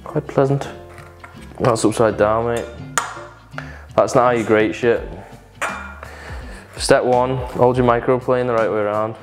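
A man's voice: medium pitch, steady tone, a little slow, pauses often, soft background music. A young man chatting and joking as he learns to cook from his girlfriend. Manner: joking, self-mocking banter. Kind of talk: casual cooking chat.

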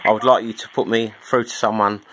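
A man's voice: on the low side, flat delivery, a little fast. A man calling on the phone and needling the person who answers with sarcasm. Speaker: caller. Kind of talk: recorded phone call. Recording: noisy phone line.

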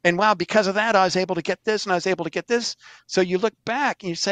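A middle-aged man, a sales trainer, telling stories in an animated, emphatic way as an interview guest. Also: sits high, quick pace, no echo. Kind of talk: storytelling interview answer.

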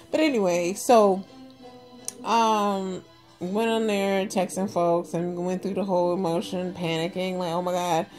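Woman vlogger, chatty storyteller who swears, faint music in the background. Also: medium pitch. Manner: animated, talks to viewers as "y'all", swears freely. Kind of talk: casual storytelling monologue.

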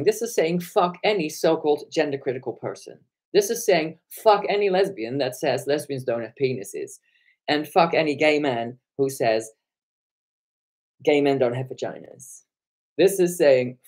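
Hoarse man with a lively voice. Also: fairly high pitch. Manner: animated, indignant retelling. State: hoarse from shouting. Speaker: online commentator. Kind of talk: live-streamed storytelling.

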